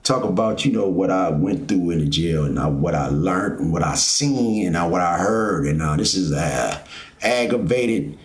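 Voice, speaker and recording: Middle-aged man, low-pitched, loose rambling storyteller, recorded with room echo. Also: lively intonation, normal speed. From Fort Worth, Texas. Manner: rambling, with many fillers. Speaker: vlogger. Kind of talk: casual storytelling. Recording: roomy echo.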